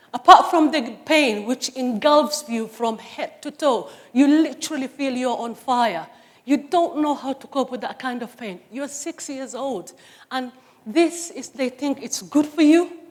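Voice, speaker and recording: A middle-aged woman from Somalia speaks on stage in a fairly high voice. Her testimony is impassioned and emphatic, pressing each point home. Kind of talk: personal testimony talk. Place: stage before an audience.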